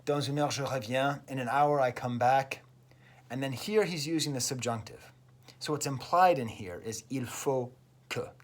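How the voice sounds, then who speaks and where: A man's voice: medium pitch, normal speed. A man, a French teacher, enthusiastically explaining song lyrics step by step in a casual video lesson. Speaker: French teacher and music reviewer.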